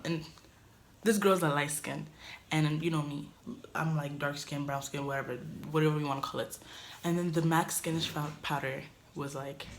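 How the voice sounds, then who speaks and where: A young woman vlogger telling a casual story in a dorm room, animated, swinging from loud outbursts to muttered asides. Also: sits low, a little hiss or hum.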